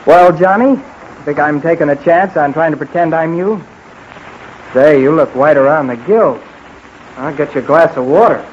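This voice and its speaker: A man's voice: a little high, moderate pace, lightly acted. A man playing a breezy young American adventurer. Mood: concerned. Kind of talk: 1940s radio acting. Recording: dull old radio recording with faint hiss.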